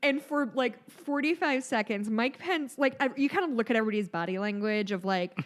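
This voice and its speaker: A woman's voice: on the high side, fairly quick. A woman in her thirties, co-hosting a podcast, talks through stories in a casual, rambling way with plenty of fillers and laughs. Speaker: podcast co-host. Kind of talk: casual chat.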